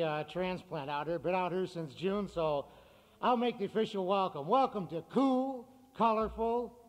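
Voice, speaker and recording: A man, a farm radio broadcaster, addressing a meeting and reading market prices in an upbeat manner. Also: high voice. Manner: upbeat, reads figures briskly. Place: meeting hall. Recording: cassette with hall reverb.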